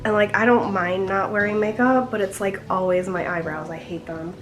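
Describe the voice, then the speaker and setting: A woman's voice: mid-range voice, steady tone, moderate pace, faint music behind, low-quality recording. A young woman chatting casually in a vlog, slightly out of breath, filling her talk with "like". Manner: chatty, fills with "like" constantly. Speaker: vlogger.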